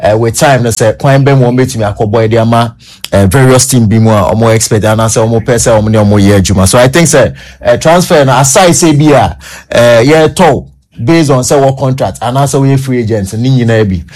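A man's voice: mid-range voice, a little fast, a little mellow. A man with a Ghanaian accent giving casual radio sports talk as a pundit, mixing Twi and English with plenty of fillers and restarts.

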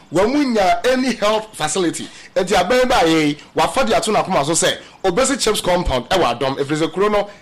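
A man giving emphatic political commentary in radio-style talk, mixing English phrases into his speech and addressing listeners as family. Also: sits high.

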